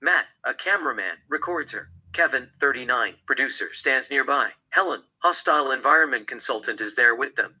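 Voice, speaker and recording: Bright, husky man reading a screenplay. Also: medium pitch, lively intonation, brisk, hardly any pauses, low-quality recording. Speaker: script reader.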